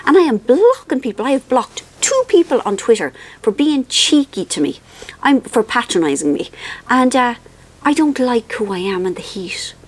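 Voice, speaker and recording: Chatty Irish woman, fairly high voice. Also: very animated, moderate pace. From Ireland. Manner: chatty, rambling, self-mocking, with frequent ums. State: wilting from the heat. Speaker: vlogger. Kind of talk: casual chat to camera.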